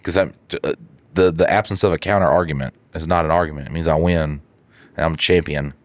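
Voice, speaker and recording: A young man with a very deep voice riffs and jokes as a podcast co-host, cursing freely. The recording is dry and close. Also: steady tone, fast talker, dry recording. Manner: profane, joking. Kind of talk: casual banter.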